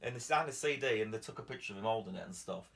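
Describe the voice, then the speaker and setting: A man's voice: fairly low pitch, lively intonation, racing, creaky, a bit bright. A man, hosting a jokey bedroom chat, cheeky and prone to sudden squealing impressions. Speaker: comedian host. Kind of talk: comic chat in bed.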